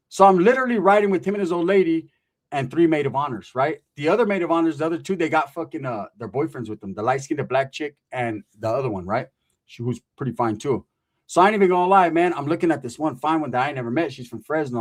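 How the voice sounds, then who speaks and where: A man telling a profane comic story, acting out the people he quotes. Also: medium pitch. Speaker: storyteller comedian.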